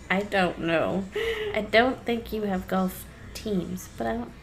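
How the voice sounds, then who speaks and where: A woman's voice: mid-range voice, slow, gravelly. A woman from New England co-hosting a podcast, chiming in with short, dry quips and agreement. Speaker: podcast co-host. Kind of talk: casual chat.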